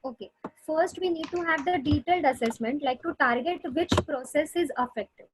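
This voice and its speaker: A woman's voice: high-pitched, normal speed, a little hiss or hum, poor audio. A woman speech therapist giving a webinar lecture over a video call, explaining patiently with many fillers and restarts. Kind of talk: webinar lecture answering questions.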